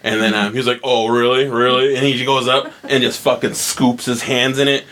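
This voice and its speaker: Relaxed, profane man telling a story. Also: medium pitch, a little fast. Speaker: podcast co-host. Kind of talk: casual chat.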